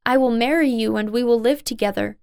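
A woman's voice: a little high, brisk, a little mellow, clear, resonant tone, no echo, studio quality, close to an everyday voice. A woman voicing Beauty, a kind young woman, in a storybook read-aloud, speaking in a heartfelt, pleading way.

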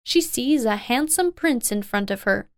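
A woman narrating a simple storybook in a slow, plain, even way. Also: on the high side, dry recording, clean studio sound. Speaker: reader.

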